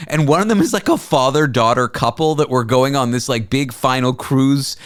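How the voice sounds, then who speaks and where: A man's voice: medium pitch, moderate pace, no echo, clean studio sound. A man hosting a comedy talk show, telling a story in a rambling, self-mocking way and laughing often. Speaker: host. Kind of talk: casual comedic chat.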